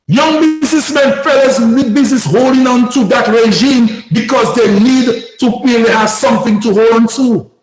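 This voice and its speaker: A man from Dominica with a Dominican accent, calling in to a radio talk show with fervent, preachy commentary that rises to shouts. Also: very high-pitched, echoey room, poor audio. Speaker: caller. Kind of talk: impassioned call-in commentary.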